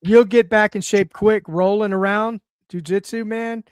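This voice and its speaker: A man's voice: high-pitched, steady tone, a little slow, smooth, no echo, clean studio sound. A man in his sixties, a guest in a casual chat, talking easily with lots of fillers and repeats. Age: 60s. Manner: easygoing, talks with many fillers and repeats.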